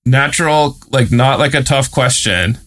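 A man tells a story in a loose, chatty way, full of fillers and quick amused laughs. His voice is bright and forceful, and he sits at a middle pitch. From United States. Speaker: guest reporter and author. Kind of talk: casual storytelling.

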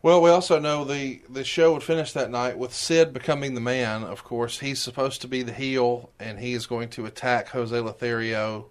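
A man's voice: medium pitch, fairly even intonation, moderate pace, hardly any pauses. A man co-hosting a podcast, asking questions and sharing his enthusiasm as a fan in casual chat. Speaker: podcast co-host.

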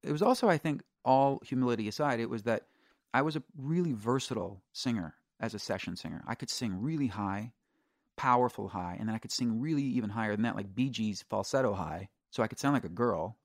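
A man's voice: medium pitch, fairly quick, no echo, clean studio sound. A middle-aged man, a singer-songwriter guest, telling candid stories in a casual interview, restarting sentences and swearing freely.

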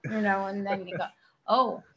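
An older actress in a casual interview, a chatty storyteller who laughs often. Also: female voice, mid-range voice, steady tone, normal speed, a bit bright, dull audio. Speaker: actress guest.

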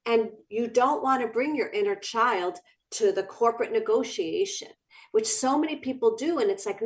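Eager woman guest, warm lively answers on a talk show. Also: on the high side, normal speed. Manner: enthusiastic, expressive. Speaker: guest author. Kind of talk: interview answers.

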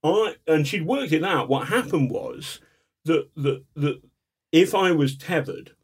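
Male guest telling lively stories. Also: fairly high pitch, a little slow, slightly rough. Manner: animated raconteur, chuckles as he talks. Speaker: guest, journalist. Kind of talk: casual storytelling interview.

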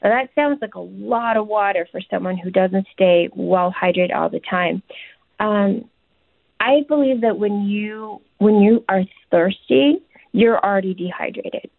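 A woman guest offering relaxed, chatty health advice over a tinny phone line, her voice gravelly with fry. The sound is dry and narrow. She fills her talk with "you know" and "um". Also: mid-range voice, unhurried, no room sound. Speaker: nutritionist and chef guest. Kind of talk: casual advice in a radio interview.

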